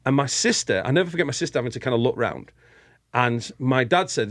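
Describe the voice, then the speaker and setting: A man from England with a British accent, a guest telling lively anecdotes in casual chat and laughing often. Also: mid-range voice, fast talker, no echo, clean studio sound. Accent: British English. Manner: animated storyteller, laughs often.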